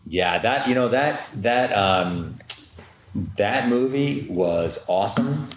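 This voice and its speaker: A man's voice: medium pitch, expressive, a little hiss or hum. A man hosting a podcast in casual conversation, easygoing and agreeable, often chiming in with short replies. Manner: easygoing, agreeable, quick to chime in. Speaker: podcast host. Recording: roomy echo.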